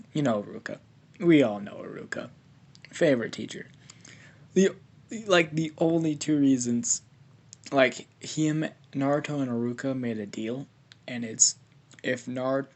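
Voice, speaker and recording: A man's voice: mid-range voice, a little mellow. A man narrating an improvised fan story in a rambling way, with many fillers and restarts.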